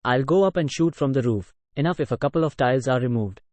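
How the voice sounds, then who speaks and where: A man reading the part of a boastful, pushy gunman in an audiobook retelling, giving orders in a loud, commanding way with an Indian English accent. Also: mid-range voice, fast, no room sound, lightly acted.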